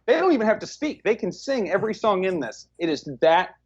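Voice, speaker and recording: Husky, blunt man on a lo-fi podcast. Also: sits high, big pitch swings, a little fast. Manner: blunt, profane and sarcastic. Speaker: podcast co-host reviewing movies. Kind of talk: casual chat.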